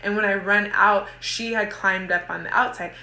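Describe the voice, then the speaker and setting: A woman's voice: medium pitch, steady tone, moderate pace, bright, forceful tone, roomy sound. A woman in her thirties, a mother who coaches a women's group, gives a casual motivational talk. She rambles with lots of "like" and restarts herself often. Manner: rambling, heavy use of "like", frequent restarts.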